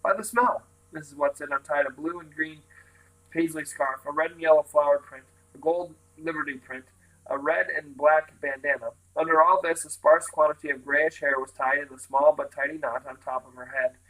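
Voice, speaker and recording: A man reading a novel aloud, his voice pitched a little high. He tells the story at a steady, even pace. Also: moderate pace, poor audio. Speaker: reader.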